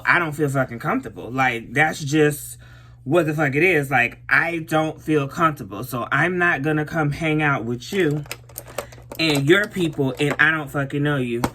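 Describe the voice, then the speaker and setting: Bright, blunt woman telling a storytime. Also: low voice, a little hiss or hum. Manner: blunt, profane, animated storytelling. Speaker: vlogger. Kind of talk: casual storytime while doing makeup.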